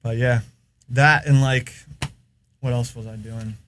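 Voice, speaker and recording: A man's voice: mid-range voice, steady tone, unhurried, fairly bright tone, slight background noise. A man with an American accent, a podcast guest, telling long rambling stories in casual chat. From United States. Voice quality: rambling, filler-heavy storytelling.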